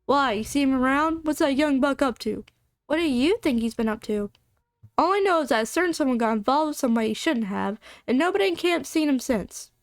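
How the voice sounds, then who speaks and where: A woman voicing a gruff old male miner with a put-on Southern accent and a folksy drawl. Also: sits high, lively intonation, fairly quick, no room sound, clean studio sound.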